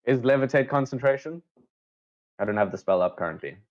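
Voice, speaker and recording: A man's voice: mid-range voice, lively intonation, a little fast, dull audio. A man acting as dungeon master in a casual tabletop game, checking rules aloud as he goes.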